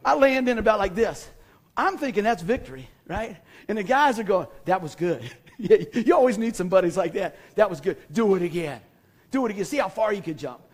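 Husky, high-pitched storytelling preacher. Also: male voice. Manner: animated storyteller, acts out scenes and asks the congregation. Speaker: pastor. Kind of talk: sermon with a comic personal story. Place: church hall before a congregation.

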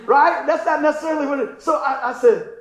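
A man's voice: very high voice, fairly even intonation, fast talker, reverberant, poor audio. A man preaching as a pastor, telling a story with frequent chuckles and acting out the people in it. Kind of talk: storytelling sermon.

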